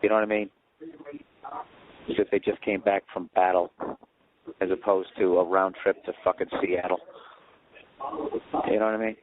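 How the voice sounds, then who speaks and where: A man's voice: deep voice, little pitch movement, normal speed, long pauses, narrow, tinny audio. A man ranting sarcastically and profanely as a comedy podcast host, recorded in an airport waiting area on a phone. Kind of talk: rambling comedic rant.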